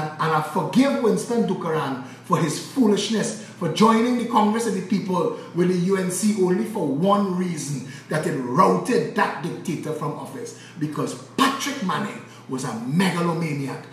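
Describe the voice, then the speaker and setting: A man with a Trinidadian accent delivering an impassioned, cursing political rant, swinging between loud outbursts and low, intense passages. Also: animated, moderate pace, hardly any pauses, heavy reverb, far from the mic, a little hiss or hum, low-quality recording. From Trinidad and Tobago. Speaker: political commentator.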